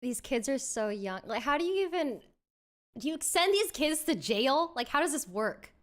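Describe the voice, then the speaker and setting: A woman's voice: high voice, very animated, normal speed. A woman joining a stream by call, chatting casually and teasing the host. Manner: teasing and laughing easily. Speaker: guest on a call. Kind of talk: casual reaction chat.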